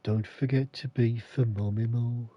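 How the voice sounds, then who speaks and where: A man's voice: mid-range voice, fairly even intonation, a little slow, dull audio. A man giving casual, rambling commentary as a game streamer at home. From England. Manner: rambling, chatty asides.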